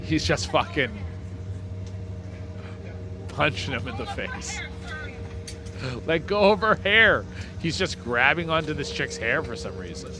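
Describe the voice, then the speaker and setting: A young man hosting a comedy podcast, riffing in a profane, animated way that swings between mumbled asides and loud bursts. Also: on the high side, a little slow, long pauses, background noise. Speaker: podcast host. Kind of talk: casual comedic monologue.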